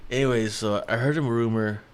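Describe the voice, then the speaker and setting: A man's voice: mid-range voice, steady tone, brisk, clear, resonant tone. A man in his thirties, from New York, hosting a casual solo podcast, rambling with lots of restarts and fillers and swearing freely. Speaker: podcast host.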